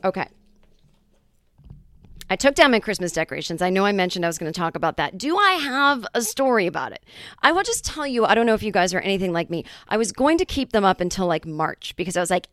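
A woman hosting her comedy podcast, talking in a chatty, self-mocking monologue with quick asides. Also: mid-range voice, very animated, fairly bright tone, no echo, clean studio sound.

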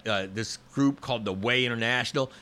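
A man in his fifties telling long stories in a relaxed podcast conversation, full of fillers and restarts. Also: mid-range voice, fast talker, smooth. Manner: rambling, storytelling with many fillers and restarts.

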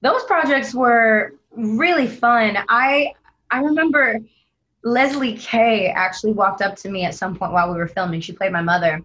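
Young actress telling lively anecdotes. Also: female voice, a little high, moderate pace, highs cut off. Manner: lively, dramatic anecdotes with voiced quotes. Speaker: actress guest. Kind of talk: animated storytelling in interview.

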